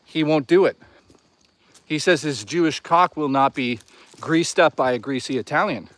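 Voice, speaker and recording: A man's voice: on the high side, moderate pace, a bit bright, no room sound. A young man live-streaming as he walks outdoors in the woods, chatting in a crude, rambling, joking way. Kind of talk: casual live-stream chat while walking.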